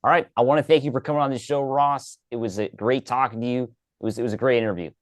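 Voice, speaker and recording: A man hosts a relaxed interview over a video call and keeps his questions short. His voice sits at an ordinary pitch, and the recording is close and dry with no room sound. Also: quick pace, no room sound. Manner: friendly, short prompts, laughs along. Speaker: interview host. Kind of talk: casual interview.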